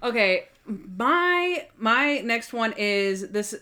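A woman's voice: a little high, lively intonation, very slow, pushed and bright. A young adult woman co-hosting a casual podcast chat, talking animatedly and acting out characters' lines. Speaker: podcast co-host.

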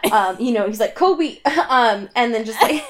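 A woman's voice: on the high side, normal speed. A young woman casually recapping a story, laughing often and acting out the characters' lines. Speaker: co-host recapping a book. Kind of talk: casual chat.

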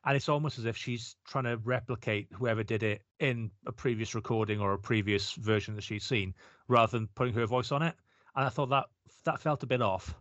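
A fast-talking man thinks aloud about a film on a podcast, often starting over mid-sentence. His voice sounds dry and somewhat dull, as on a lo-fi recording. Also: medium pitch, fairly bright tone, no room sound. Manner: quick, musing, restarts often. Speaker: podcast co-host. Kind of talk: casual film review chat.

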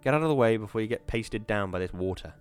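A man voicing a loud, taunting male factory foreman who barks his orders. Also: on the low side, animated, quick pace, clear, resonant tone, soft background music, lightly acted. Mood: bossy.

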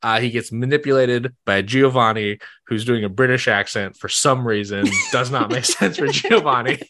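A young man chatting casually as a podcast guest, animated and laughing often with quick asides. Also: mid-range voice, noisy background.

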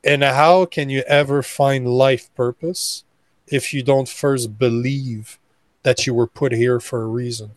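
A man's voice: medium pitch, fairly even intonation, measured pace, no echo. Emphatic blunt-talking man, dry sound. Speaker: guest, men's coach. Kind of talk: podcast interview.

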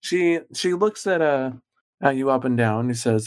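A man narrating as game master, relaxed, with a lot of filler words. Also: medium pitch, moderate pace, clean tone.

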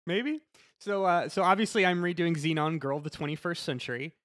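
A man with a slightly raised voice chats casually on a podcast, recapping a movie with plenty of "um"s and quick laughs. His voice is close and dry, with no room sound around it. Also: a little high, a bit bright, no room sound. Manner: laughing, filler-heavy recap. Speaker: podcast panelist. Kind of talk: casual chat.

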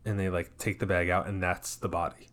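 A man's voice: low voice, little pitch movement, a little fast, a bit bright. A man co-hosting a podcast in casual chat, joking around and swearing easily. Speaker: podcast co-host.

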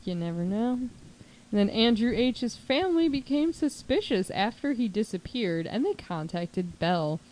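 A woman's voice: fairly high pitch, normal speed, rough recording. Chatty woman telling a true crime story. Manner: chatty, animated, says "like" often, puts on voices for quotes. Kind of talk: casual storytelling chat.

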